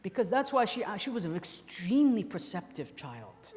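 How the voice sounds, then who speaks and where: A man preaching a mourning sermon in an impassioned voice, moving between loud and hushed. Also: sits high, sing-song, moderate pace, in a large hall. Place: prayer hall.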